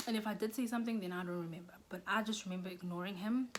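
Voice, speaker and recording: A young South African woman telling a storytime vlog, animated, often dropping into whispers and rising into shrill bursts. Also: racing, noisy background. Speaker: YouTuber.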